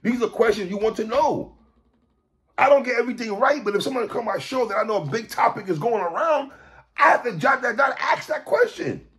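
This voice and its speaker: A man hosting a podcast, ranting in animated commentary, stammering, repeating himself and shouting for emphasis. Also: very high voice, brisk. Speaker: podcast host.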